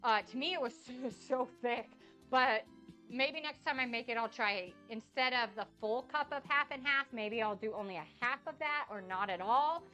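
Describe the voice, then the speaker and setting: A woman's voice: on the high side, moderate pace, sharp tone, faint music behind. A young adult woman chatting casually on a cooking livestream, gushing and effusive as she tastes her food. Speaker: cooking streamer. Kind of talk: casual cook-along livestream chat.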